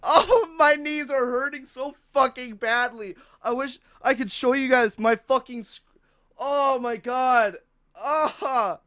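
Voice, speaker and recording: A woman's voice: fairly high pitch, fairly bright tone, dry recording, studio quality. A young woman streaming a horror game, shrieking in fright, swearing heavily and laughing nervously.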